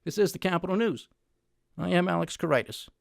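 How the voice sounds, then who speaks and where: Male podcast host, heated and emphatic, high lively voice, dry close sound. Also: brisk, gravelly, no echo. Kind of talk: political commentary podcast.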